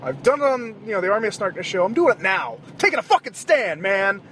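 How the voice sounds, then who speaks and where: Riding in a moving car over faint road noise, a Southern American podcast host talks quickly in a high voice. His casual late-night monologue rambles and is full of swearing, punctuated now and then by loud, animated bursts.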